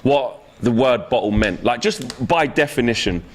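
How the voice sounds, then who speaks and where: A man's voice: medium pitch, lively intonation, normal speed. A man on a football panel, playful and explaining his point with emphasis. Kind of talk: casual banter.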